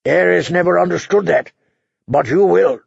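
Tywin, a man doing a cold, gravelly old lord. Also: high voice, no echo, pitched above the performer's own voice, full character voice. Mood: cold commanding. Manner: measured, authoritative, deliberate. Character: cold, commanding older lord, a grandfather. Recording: dull, dry recording.

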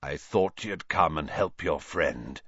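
A man reading aloud, voicing a gaunt, menacing escaped prisoner with a hoarse, low voice. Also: lively intonation, takes it slowly, a bit bright, no echo, dull audio, exaggerated voice.

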